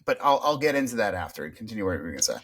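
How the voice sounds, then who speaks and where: A man's voice: on the low side, very animated, rapid-fire, fairly bright tone, husky. A man co-hosting a podcast in casual, reflective chat, with hesitations and some swearing. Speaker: podcast co-host.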